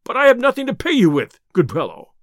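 A bellowing, quick-tempered tinker with a deep bull-like roar, as a storyteller puts him on. He blusters in archaic speech with a lively, swinging pitch, recorded close and dry. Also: no room sound, heavily acted. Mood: angry, indignant. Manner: blustering and loud, old-fashioned speech. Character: brawling boastful male tinker, hot-tempered.

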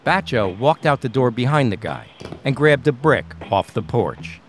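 A man delivering measured, scripted narration for a true-crime podcast. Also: mid-range voice, sing-song, faint music behind.

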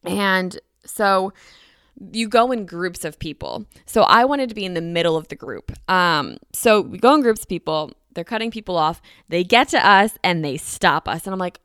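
A woman in her twenties hosting a podcast, telling a story casually with lots of "like" and animated acted-out quotes. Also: normal speed, clear, resonant tone, no echo, clean studio sound. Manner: animated, acts out quotes with pitch jumps, frequent "like". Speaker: podcast host.

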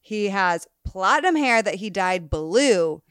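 A woman's voice: medium pitch, animated, takes it slowly, fairly bright tone, smooth, no room sound, clean studio sound. A woman in her thirties hosts a casual dating podcast. She sounds upbeat, laughs often, and talks straight to her listeners. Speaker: podcast host.

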